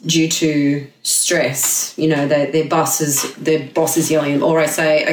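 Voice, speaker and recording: A woman guest talking about dog behaviour, an animated storyteller in casual chat who swears freely. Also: deep voice, a little slow, few pauses, echoey room, recorded from a distance, slight background noise, poor audio.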